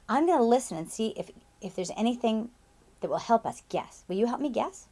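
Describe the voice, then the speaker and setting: A woman teacher with a bright, fairly high voice that swoops all over the place. She talks in a playful, sing-song way and breaks into dramatic sound effects as she demonstrates. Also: big pitch swings, a little fast. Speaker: teacher demonstrating a classroom method.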